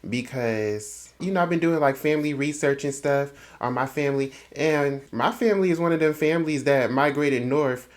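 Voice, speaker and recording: Animated male host launching a rant. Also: fairly high pitch, moderate pace, few pauses. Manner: animated, emphatic storyteller building up to a rant. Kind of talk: casual book discussion.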